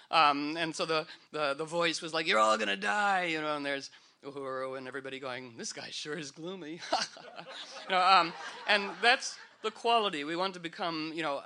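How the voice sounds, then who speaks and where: A man's voice: on the high side, pushed and bright, clear, resonant tone. A man speaking to a live audience in a meandering, playful way, full of fillers and restarts. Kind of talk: rambling, humorous talk to an audience.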